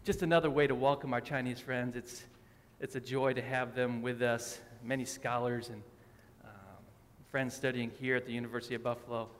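A man's voice: medium pitch, little pitch movement, a little fast. A man preaching a sermon in a church, friendly and joking with the congregation. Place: church sanctuary. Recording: long hall reverb.

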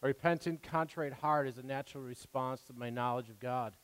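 A man's voice: mid-range voice, fairly even intonation, fairly quick, clean tone. A man preaching a sermon in an earnest, conversational way, stopping and restarting, acting out quoted prayers. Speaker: pastor. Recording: long hall reverb.

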